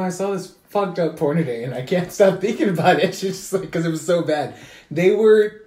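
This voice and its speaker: Laughing young man telling crude stories. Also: a little high. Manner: laughs through his stories, acts out voices loudly. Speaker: podcast co-host. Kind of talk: crude casual chat. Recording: roomy echo.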